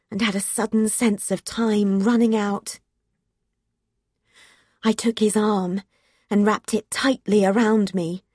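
A woman's voice: mid-range voice, warm tone, slightly rough, no room sound, studio quality. A woman narrating a first-person novel, reading in an intimate, emotional way. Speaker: audiobook narrator.

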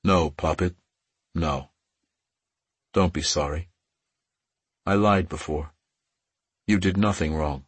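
A man voicing a gentle immortal lover. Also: sits low, takes it slowly, pauses often, breathy edge, dry recording, exaggerated voice. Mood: tender.

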